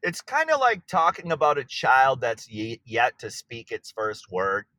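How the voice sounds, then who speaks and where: A man's voice: medium pitch, wildly swooping pitch, measured pace, pushed and bright. A man speaking as an artist guest in an interview, talking with enthusiasm and sometimes searching for words. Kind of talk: interview conversation.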